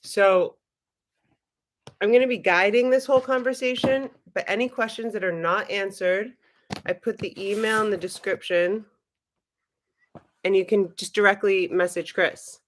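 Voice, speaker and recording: A woman hosts a casual livestream and speaks straight to her viewers in a loose, chatty way. She giggles often and swears freely, and her voice sits at a middle pitch. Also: fairly even intonation, moderate pace, long pauses, slight background noise. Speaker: livestream host.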